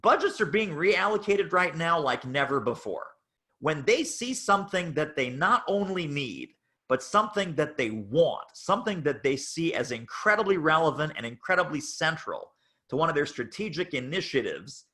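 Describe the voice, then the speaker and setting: Emphatic, bright-voiced man teaching sales. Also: a little high, sing-song, moderate pace. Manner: emphatic, repeats phrases for effect. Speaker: speaker at a chapter meeting. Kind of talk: sales training talk.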